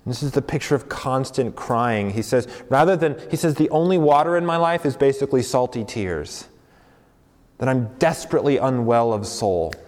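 Conversational young pastor in a reverberant hall. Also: male voice, medium pitch, animated, normal speed, a little mellow. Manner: conversational with fillers and self-corrections. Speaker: campus pastor. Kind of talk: sermon.

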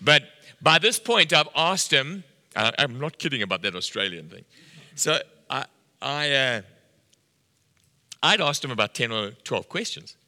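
A man's voice: medium pitch, big pitch swings, unhurried, pauses often, bright, forceful tone. A middle-aged man preaching a sermon, telling a story and acting out the dialogue with animation. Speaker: pastor. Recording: long hall reverb.

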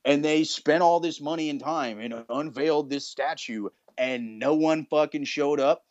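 A man's voice: a little high, a little slow, no echo, dull audio. A young man co-hosting a casual podcast chat, talking bluntly and mockingly with a lot of swearing. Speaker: podcast co-host.

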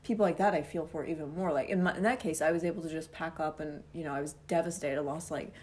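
A woman's voice: low voice, quick pace. Laughing woman telling a wild story. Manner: animated, laughs often while telling the story. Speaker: guest telling a personal story. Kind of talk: casual storytelling chat.

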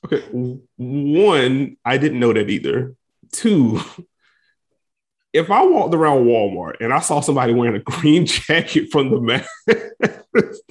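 A man's voice: mid-range voice, animated, unhurried, pauses often. A man co-hosting a casual sports podcast, teasing his partner and asking questions. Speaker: podcast co-host.

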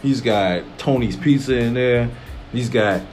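A man's voice: medium pitch, measured pace, soft background music. A man co-hosting a casual chat, telling joking stories and swearing freely. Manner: profane, joking, animated storyteller. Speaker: podcast co-host.

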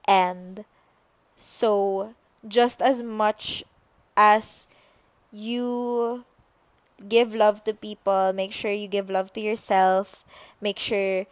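A young woman hosting a solo podcast, musing unhurriedly with pauses and fillers. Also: medium pitch, fairly even intonation, no room sound. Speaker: podcast host. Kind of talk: reflective solo podcast talk.

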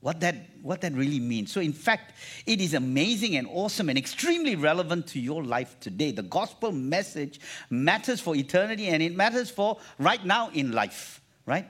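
Male pastor, lively, slightly higher voice, preaching energetically with call-and-response. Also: moderate pace. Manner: animated, repeats phrases, calls for congregation response. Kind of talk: sermon.

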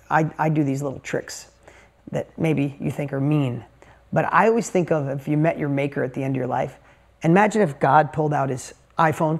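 A woman's voice: sits low, darkish tone. Emphatic woman giving a motivational speech. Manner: emphatic, punchy and repetitive, with rhetorical questions to the crowd. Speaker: motivational speaker. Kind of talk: motivational speech to a live audience.

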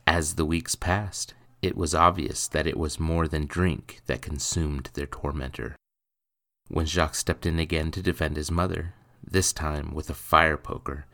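A man narrating a dark period story for a podcast in a measured, even reading voice. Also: a bass voice, vocal fry.

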